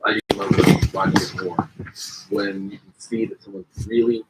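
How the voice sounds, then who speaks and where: Easygoing low-voiced male host. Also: little pitch movement, moderate pace, heavy background noise. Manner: easygoing, gives short agreeing replies. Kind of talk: casual chat.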